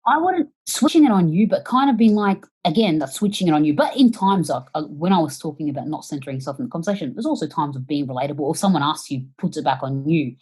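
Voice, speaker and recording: Low, husky-voiced woman guest. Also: quick pace, few pauses, low-quality recording. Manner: animated, swears casually, acts out quoted reactions. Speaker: podcast guest. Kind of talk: casual conversational advice.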